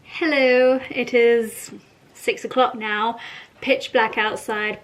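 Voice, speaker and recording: A lifestyle vlogger chats casually to camera at home, playful and giggly, her voice on the high side. She speaks slowly with fairly even intonation, and the audio quality is poor.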